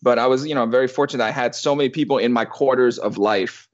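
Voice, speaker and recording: A man's voice: mid-range voice, quick pace, dull audio. A man in his thirties telling a personal story in casual conversation, rambling with restarts and the odd curse word. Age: 30s. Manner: rambling, with many restarts and swearing.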